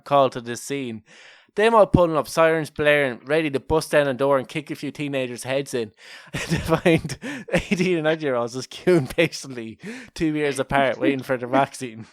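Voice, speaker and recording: Jokey Irish man, smooth clear voice. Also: medium pitch, brisk, no echo, clean studio sound. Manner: jokey storyteller, laughs often at his own lines. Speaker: podcast co-host. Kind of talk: casual comedic chat.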